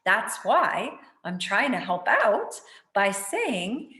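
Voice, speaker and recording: A woman's voice: medium pitch, very animated, slow pace, pushed and bright, echoey room. A woman hosting a casual spiritual chat, rambling and chatty, with lots of fillers and casual swearing. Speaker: spiritual talk host.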